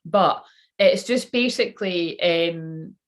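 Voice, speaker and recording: A woman's voice: on the low side, slow pace. A woman who works as a spiritual channeler, rambling casually on a live stream, swearing freely and talking straight to her viewers.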